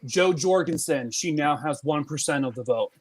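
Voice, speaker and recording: A man co-hosting a live election-night chat, animated and sarcastic, saying "like" a lot. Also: a little high, moderate pace.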